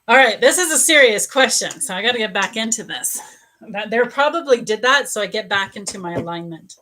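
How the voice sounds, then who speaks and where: A woman psychic medium giving a live reading at home, gently sympathetic, halting with pauses and fillers. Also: mid-range voice, expressive, slight background noise. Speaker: spiritual coach and psychic medium. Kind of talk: live psychic reading answering viewers' questions.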